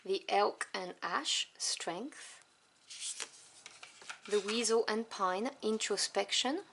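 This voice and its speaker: A woman whose first language is French, reviewing tarot cards one by one. She lists each card softly and without hurry, adding fond little asides. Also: medium pitch, noisy background. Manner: soft, unhurried listing with fond asides.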